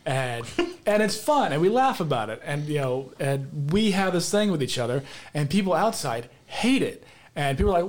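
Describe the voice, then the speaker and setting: A man with a fairly high voice telling blunt, profane family stories. He talks in a casual podcast chat, swearing freely and without apology. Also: sing-song, moderate pace.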